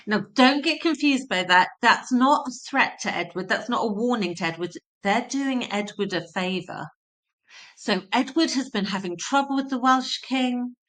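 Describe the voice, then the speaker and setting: A woman's voice: a little high, normal speed, a bit bright. A woman teaching a history lesson, explaining terms simply and repeating key points for emphasis.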